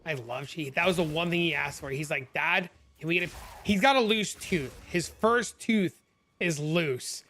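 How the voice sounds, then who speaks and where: A man live-streaming a game from home, talking casually to his chat. His voice is slightly high with a bright, forceful edge. He tells stories in an animated way into a desk microphone. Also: moderate pace. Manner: chatty, answers chat, animated storytelling.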